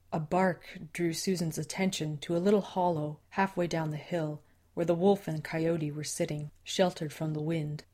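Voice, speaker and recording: A woman with a deep, low voice reads a fantasy audiobook. Her narration is measured and even, with a steady storytelling pace. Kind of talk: scripted narration.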